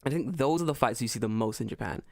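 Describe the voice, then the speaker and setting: A young man co-hosting a podcast, telling stories in an animated, profane, laughing casual-chat style. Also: medium pitch, quick pace, vocal fry, no echo, clean studio sound. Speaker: podcast co-host.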